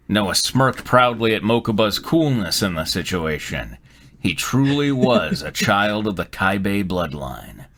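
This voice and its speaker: Guy reading fanfic out loud on stream, swoopy lively voice, laughing a lot. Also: fairly low pitch. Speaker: host reading fanfiction aloud. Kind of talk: comedic live-stream reading.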